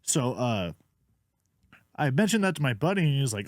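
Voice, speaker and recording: A man's voice: medium pitch, moderate pace, dry recording, studio quality. A man with a Pacific Northwest accent, co-hosting a comedy podcast and telling stories in a loose, joking way, acting out what others said. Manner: animated storyteller who acts out quotes. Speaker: podcast co-host. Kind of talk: casual comedic chat.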